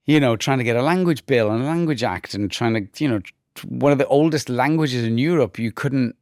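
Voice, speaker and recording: Welsh actor type, 40s, middle-range voice, musing interview answers, dry close sound. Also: male voice, mid-range voice, dry recording. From Wales. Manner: thoughtful, with frequent restarts and mimicked voices. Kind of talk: relaxed conversational interview.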